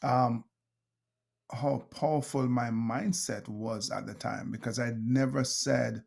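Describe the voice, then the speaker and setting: A middle-aged man with a Jamaican accent, a motivational speaker telling lively stories as an interview guest and acting out quoted lines. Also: mid-range voice, slow, gravelly. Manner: animated storyteller, laughs often, acts out quotes. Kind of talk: interview storytelling.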